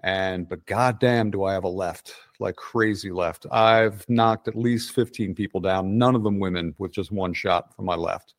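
A man in his sixties speaks in a Philadelphia accent, low-pitched and blunt. He rambles through stories and swears freely, the way people talk in a loose chat. The sound is dry and close, with no room around it. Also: moderate pace, hardly any pauses, no echo. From Delaware County, Pennsylvania. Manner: blunt, rambling storyteller who swears often. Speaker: interview guest. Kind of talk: casual profane conversation.

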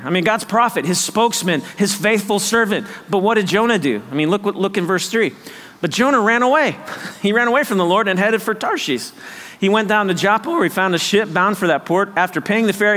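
High bright-voiced guy preaching, keeps acting out excuses, big echoey hall. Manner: animated, acts out voices of doubters, laughs often. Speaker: pastor. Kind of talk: sermon.

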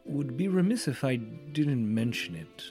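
A male player speaks in character in a fantasy tabletop game, slowly and with courtly formality. His pitch sits in the middle, with faint music underneath. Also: expressive, mellow.

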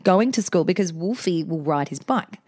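Woman co-host, casual chat, very lively voice that jumps around, swears freely. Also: moderate pace, dry recording, studio quality. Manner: lively, swears and acts out scenes with big pitch jumps. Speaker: podcast co-host.

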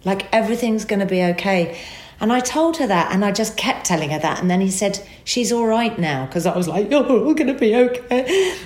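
A woman telling an emotional personal story as a guest, animated and acting out the dialogue. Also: mid-range voice, brisk, echoey room.

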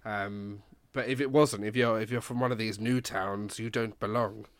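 A man's voice: lowish voice, fairly even intonation, moderate pace, no echo. A man co-hosting a history podcast, jumping in eagerly with questions and ideas. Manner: eager, chimes in with questions and requests. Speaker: podcast co-host. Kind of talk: casual history podcast chat.

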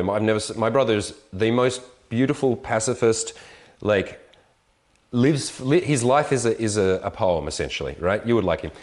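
A man casually telling an animated, profane travel story in conversation. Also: medium pitch. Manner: animated storyteller, swearing, voices others.

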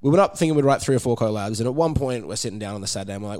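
An Australian rapper, appearing as a guest, chats casually in a laid-back way, swearing freely and telling stories energetically. His voice is fairly low and racing, with a crowd audible behind him.

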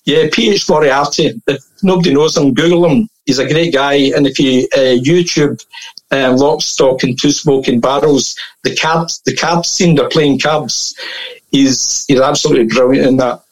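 A man's voice: medium pitch, moderate pace, rough recording. A man telling anecdotes as a podcast guest in a casual, chatty way, laughing often and full of fillers and restarts.

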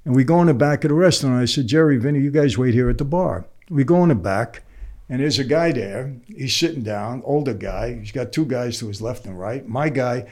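Older New man, mid-pitch, a guest who acts out every voice in his stories. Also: a little fast. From New York. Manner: animated, acts out the other people's lines. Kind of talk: storytelling in conversation.

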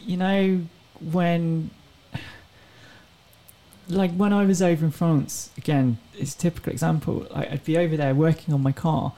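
A woman's voice: sits low, steady tone, normal speed, mellow, rough recording. A woman, a racing driver talking as an interview guest in an earnest, reflective way. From England. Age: 30s. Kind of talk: casual interview chat.

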